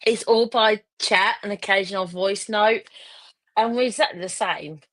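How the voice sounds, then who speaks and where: A woman hosting a casual livestream chat in a relaxed, easy way. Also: medium pitch, normal speed. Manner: relaxed, laughing, fumbles with tech. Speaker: host. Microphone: video call.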